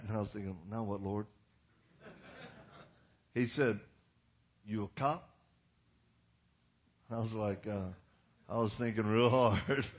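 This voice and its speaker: Older male preacher telling a story. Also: mid-range voice. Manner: animated, acts out quotes with sudden loud bursts. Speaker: evangelist preacher. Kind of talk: storytelling sermon. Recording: dull lo-fi sound.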